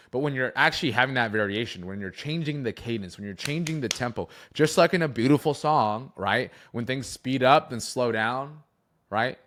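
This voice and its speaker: A young man coaching on sales, talking to camera in an animated way, shifting his emphasis and pace for effect. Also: mid-range voice.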